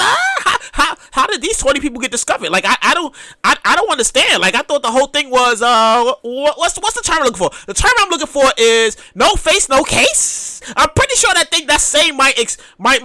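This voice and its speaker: A New man rants on his podcast in a high, bright voice that swings up and down, swearing freely and mimicking people as he goes. The sound is close and dry. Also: no echo. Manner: animated, profane, mimics partygoers. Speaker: podcast host. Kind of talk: casual podcast rant.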